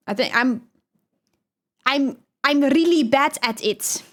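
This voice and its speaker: A young woman speaks English with a Dutch accent in a relaxed livestream chat. Her voice sits a little high, and she rambles, swears casually and laughs between thoughts while reading chat. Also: moderate pace. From Netherlands. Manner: chatty and loose, swears, laughs often. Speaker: streamer.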